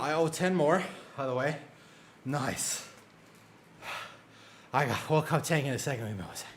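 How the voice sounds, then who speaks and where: A man chatting casually on a live game stream, excitable and full of quick exclamations. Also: mid-range voice, slight background noise.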